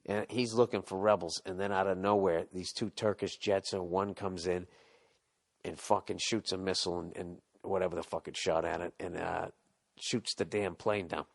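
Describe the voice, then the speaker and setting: A man's voice: low voice, fairly even intonation, moderate pace, vocal fry. A man hosting a podcast, delivering a rambling, profane, sarcastic comedic rant. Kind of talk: ranting comedic monologue.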